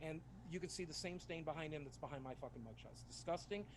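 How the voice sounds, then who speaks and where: A man's voice: a little high, noisy background. A man casually telling a personal story, candid and heavy on swearing. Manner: profane, candid, fast-talking.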